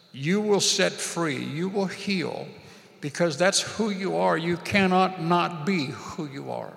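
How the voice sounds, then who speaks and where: A man's voice: a little high, vocal fry, long reverb tail. A man preaching and praying at a church service, fervent, repeating phrases and leading the congregation to say lines back. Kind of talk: prayer and sermon.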